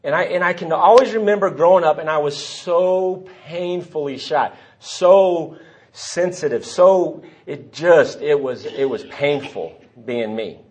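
A man's voice: a little high, measured pace, a little mellow. Man sharing his story at a podium. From Texas. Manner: rambling, self-deprecating, frequent restarts. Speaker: speaker at a recovery meeting. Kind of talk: personal testimony talk. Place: meeting hall at a podium.

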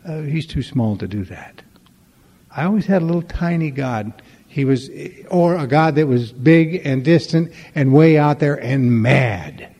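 A man's voice: fairly high pitch, a little slow, dark tone, big-room sound. A man giving a storytelling talk at a recovery meeting, conversational and wry, acting out the dialogue in his stories.

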